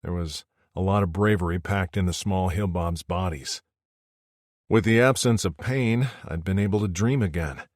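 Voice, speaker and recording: A man reading first-person audiobook narration in a steady storytelling manner. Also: low voice, moderate pace, no room sound, clean studio sound.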